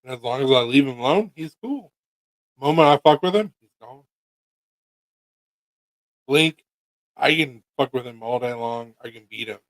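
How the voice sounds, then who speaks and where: Man, casual pet chat, teasing and profane, lively swooping pitch, dry close sound. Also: normal speed, long pauses, dry recording, poor audio. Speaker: pet owner.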